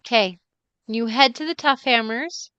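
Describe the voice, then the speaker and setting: A woman runs a tabletop game, narrating slowly in a relaxed, giggly way. Her voice is fairly high, smooth and clear. The sound is dry and a little muffled, like a stream recording. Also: dry recording. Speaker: dungeon master. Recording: dull, muffled stream audio.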